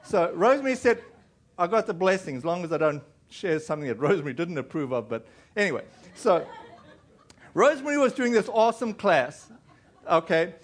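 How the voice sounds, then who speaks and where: A man's voice: high voice, very animated, brisk. A male pastor preaching a sermon in a casual, rambling storytelling way, with many fillers and restarts. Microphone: recorded in a church.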